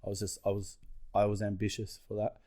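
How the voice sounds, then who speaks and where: A man's voice: lowish voice, completely flat delivery, fast, mellow. A man co-hosting a podcast with his brother, in casual, rambling banter that is full of swearing and self-mockery. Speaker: podcast co-host.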